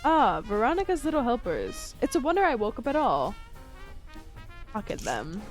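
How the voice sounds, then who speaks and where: A woman's voice: fairly high pitch, huge pitch swings, normal speed, soft background music. A woman streaming a story game, reading the text aloud and chatting through her choices.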